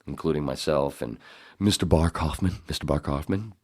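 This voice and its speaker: A man's voice: extremely low pitch, normal speed, a little mellow, husky. A middle-aged man hosting a podcast in casual chat, rambling and swearing, often laughing. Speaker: podcast host.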